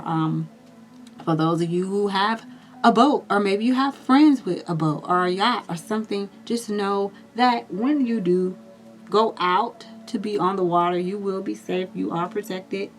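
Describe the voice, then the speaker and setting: Brief: woman tarot reader, chatty and reassuring, talks straight to viewers, soft music underneath. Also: medium pitch. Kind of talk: casual astrology reading.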